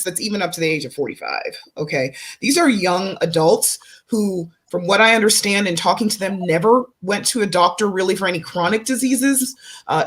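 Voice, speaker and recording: A woman doctor hosting a panel discussion, explaining symptoms earnestly to her guests and viewers. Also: on the low side. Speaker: doctor and host. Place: studio stage with guests.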